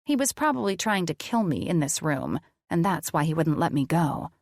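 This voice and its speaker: A woman narrating an audiobook in the first person, in a measured, even way. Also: low voice, no echo, clean studio sound.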